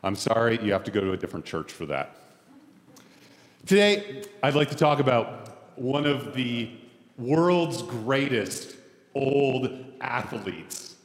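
Joking pastor in a roomy hall. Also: male voice, medium pitch, very animated, takes it slowly, long pauses. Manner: casual, joking, self-deprecating. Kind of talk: sermon. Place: church sanctuary.

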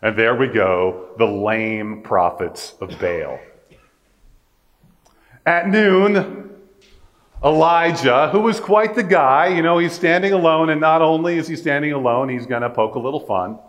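A man's voice: a little high, lively intonation, measured pace. A man preaching a sermon in a casual, conversational way with joking asides.

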